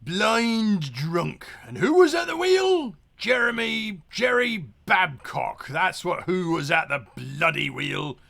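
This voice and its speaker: A man voicing a quick-tempered pirate ship captain who shouts and curses at his drunken crew. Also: fairly high pitch, lively intonation, gravelly, full character voice. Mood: furious. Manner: blustery, shouting and cursing at the crew.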